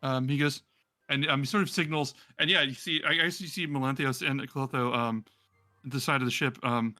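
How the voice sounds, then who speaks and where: A man narrating as game master of a tabletop game, rambling with many pauses and restarts. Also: mid-range voice, steady tone, sharp tone, faint music behind.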